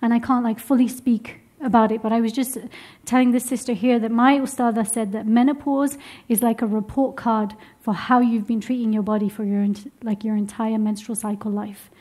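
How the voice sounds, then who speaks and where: Young woman leading a class, high and lively, encouraging, chuckles easily. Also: brisk, few pauses. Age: young adult. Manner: lively, encouraging, laughs often. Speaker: womb health teacher. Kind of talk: workshop teaching to a live group. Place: room with a seated group.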